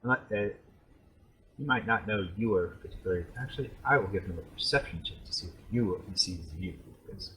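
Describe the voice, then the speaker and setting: A man's voice: fairly low pitch, fairly quick, pushed and bright, a little hiss or hum. A man acting as game master, narrating a tabletop combat and thinking aloud between rulings.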